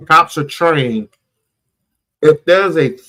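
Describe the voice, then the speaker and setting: A man calmly explaining his opinion in a measured, hesitant way. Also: mid-range voice. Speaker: panel speaker. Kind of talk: opinionated talk.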